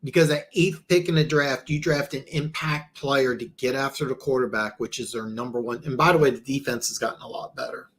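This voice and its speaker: On a laid-back football talk show, this male host speaks a little higher than the typical man, with a bright, forceful tone. He wanders and stumbles over restarts, and his pitch shoots up whenever something puzzles him.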